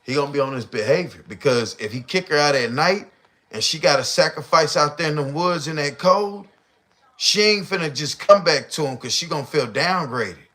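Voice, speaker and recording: A man's voice: fairly high pitch, normal speed. A man hosting a livestream, ranting casually in heavy slang and profanity and acting out the people he talks about. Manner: profane, slangy, animated storyteller who acts out voices. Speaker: livestream host.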